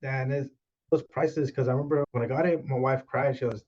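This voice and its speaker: A man in his thirties tells his own story as a podcast guest, slipping into the voices of the people he quotes. His voice sits at an ordinary pitch. The recording sounds a little dull and lo-fi. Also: fairly quick. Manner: animated retelling with quoted dialogue. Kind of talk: storytelling in casual conversation.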